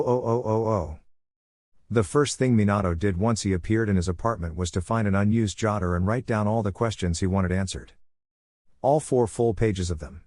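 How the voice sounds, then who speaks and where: A man reading a fan fiction story aloud in a steady narration. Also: on the low side, no room sound, clean studio sound.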